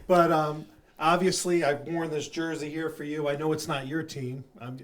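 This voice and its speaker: A man with a fairly high voice co-hosts a casual podcast. He trades jokes and teasing banter with his guest. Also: flat delivery, normal speed. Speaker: podcast co-host.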